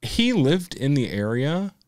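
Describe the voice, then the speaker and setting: A man co-hosting a podcast, chatting in a relaxed, hesitant way full of fillers. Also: fairly high pitch, slow pace, clear, resonant tone, no echo, studio quality. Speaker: podcast co-host. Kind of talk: casual chat.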